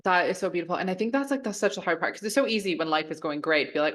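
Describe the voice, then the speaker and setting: A woman's voice: on the low side, very fast, few pauses. A young woman hosting a podcast in casual interview chat, affirming her guest with enthusiastic interjections over a remote call. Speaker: podcast host.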